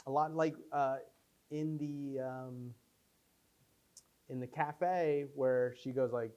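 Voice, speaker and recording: A man's voice: mid-range voice, fairly even intonation, takes it slowly, darkish tone, muffled recording. A man, the filmmaker, telling rambling behind-the-scenes stories with lots of fillers at a Q&A after a screening. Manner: rambling anecdotes, many fillers, acts out quotes. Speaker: filmmaker answering audience questions. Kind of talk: casual post-screening Q&A. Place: screening room before an audience.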